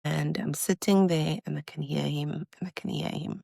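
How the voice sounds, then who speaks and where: Podcast mom, thirties, gravelly low voice, exasperated storytelling, dry close sound. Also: female voice, normal speed, dry recording. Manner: animated, exasperated retelling. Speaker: podcast host, mother. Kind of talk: casual storytelling.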